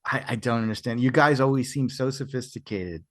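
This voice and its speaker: A man's voice: mid-range voice, fairly quick, a bit bright. An American man guesting on a podcast, talking casually with hesitant, stammering restarts. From United States.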